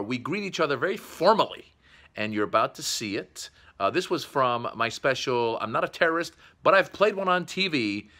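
A man's voice: medium pitch, sharp tone. A man speaking to the camera in a casual, chatty way, upbeat as he introduces his own comedy clips.

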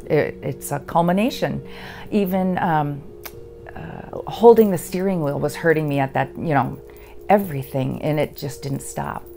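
A woman veteran giving a halting, earnest personal testimony. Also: low-pitched, vocal fry, dark tone, faint music behind. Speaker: veteran sharing her story.

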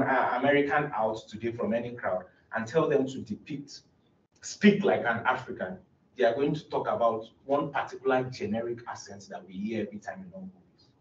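A man's voice: mid-range voice, a little hiss or hum. A young man, a doctoral student, gives an academic presentation in an earnest, explanatory way with frequent restarts. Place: presentation room. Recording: roomy, distant, dull lo-fi recording.

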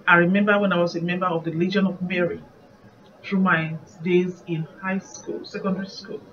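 A woman's voice: fairly low pitch, little pitch movement, brisk, a bit bright. A woman evangelist with a Nigerian accent, giving an earnest, reflective devotional sermon. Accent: Nigerian English. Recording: muffled distant recording, faint background noise.

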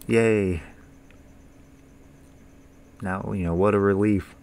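A man's voice: fairly low pitch, fairly even intonation, very slow, vocal fry, darkish tone, a little hiss or hum. A young man casually commentating a horror game, joking, swearing and talking back to the characters. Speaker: gaming YouTuber.

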